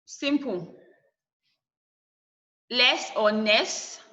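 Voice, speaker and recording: A woman's voice: on the high side, drawn-out words, bright, forceful tone, dull audio. A woman teacher giving a classroom lesson, asking and answering her own questions and spelling words out letter by letter.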